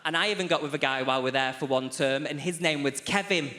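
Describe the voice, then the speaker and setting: Bright, chatty man doing stand-up. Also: a little high, quick pace. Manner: chatty, confiding, teases audience members by name. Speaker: stand-up comedian. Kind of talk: stand-up comedy set. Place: large theatre stage. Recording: echoey theatre, faint audience noise.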